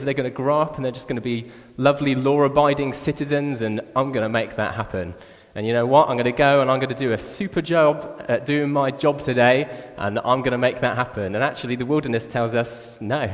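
A man preaching a sermon in a relaxed, chatty way, often saying "like" and "actually". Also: mid-range voice. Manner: conversational, animated, with frequent "like" and "actually". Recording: reverberant church hall.

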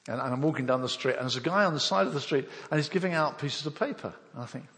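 A man's voice: a little high, fast talker, a bit bright, in a large hall. An older man from England preaching a sermon, telling his own conversion story and acting out the voices and thoughts of the people in it. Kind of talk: sermon with personal testimony.

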